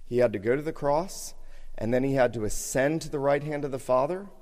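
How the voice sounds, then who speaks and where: A man's voice: mid-range voice, a little mellow. Pastor guy giving a sermon, earnest, repeats stuff for emphasis, long church echo. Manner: earnest, measured preaching with repeated phrases. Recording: reverberant hall.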